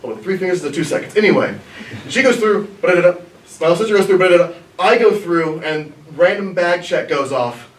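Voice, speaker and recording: A man's voice: high-pitched, expressive, quick pace. A young man from Missouri in the US tells a comedic story onstage in a small theater, laughing at his own story. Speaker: improv performer telling a story. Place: small black box theater. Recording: echoey theater, from far off.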